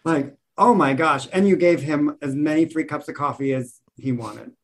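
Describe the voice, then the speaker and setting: A man's voice: a little high, normal speed. A young man hosting a podcast, gushing with enthusiasm in casual chat. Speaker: podcast host.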